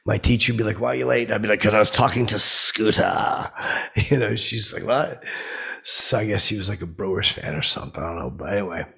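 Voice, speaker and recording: A man playing a clueless, brash comic who rambles through stories with loud outbursts when he quotes himself. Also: fairly low pitch, a little fast, background noise. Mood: rambling. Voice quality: gravelly, husky voice. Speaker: comedy podcast host in character. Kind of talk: rambling comic storytelling monologue.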